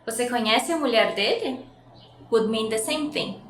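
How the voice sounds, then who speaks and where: A Brazilian woman with a Brazilian Portuguese accent teaching Portuguese words, cheerfully repeating each word slowly and giving its English meaning. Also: on the high side, animated. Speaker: language teacher. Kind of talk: bilingual vocabulary lesson. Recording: echoey room with faint noise.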